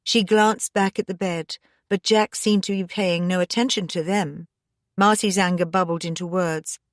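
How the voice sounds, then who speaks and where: A woman narrating a mystery audiobook in a steady, measured manner. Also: on the low side, no echo, clean studio sound. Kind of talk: scripted narration.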